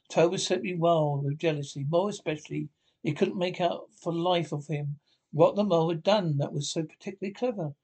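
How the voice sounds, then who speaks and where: A man's voice: fairly high pitch, a little fast, darkish tone, poor audio. Man reading a storybook aloud, hesitant. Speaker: narrator. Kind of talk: audiobook reading of a classic.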